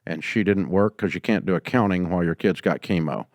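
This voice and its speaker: Older guy w a low voice, folksy advice host, dry close studio sound. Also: a little fast, dry recording. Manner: folksy storytelling, drops quieter when quoting people. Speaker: business advice show host. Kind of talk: call-in advice talk.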